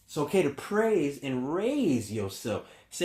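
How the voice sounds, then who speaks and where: A man giving an emphatic preaching monologue as a spiritual teacher. He builds his points through repeated refrains and swings between raised, loud stretches and hushed ones. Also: on the high side, very animated, slow.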